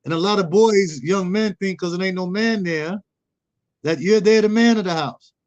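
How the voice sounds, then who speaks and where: High-voiced middle-aged man telling stories. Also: normal speed, lo-fi sound. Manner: storytelling, acts out quoted dialogue. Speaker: guest, youth mentor. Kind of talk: casual conversational interview.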